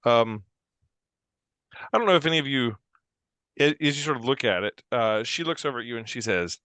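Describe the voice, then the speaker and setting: A man narrating as game master of a fantasy tabletop game, in a relaxed, halting way with fillers. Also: medium pitch, clean tone, dry recording.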